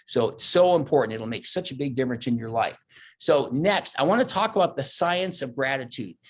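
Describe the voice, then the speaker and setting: A middle-aged man giving a motivational keynote, telling personal stories earnestly and growing animated at the high points. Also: fairly quick. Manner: earnest storytelling, animated when reliving moments. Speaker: keynote speaker.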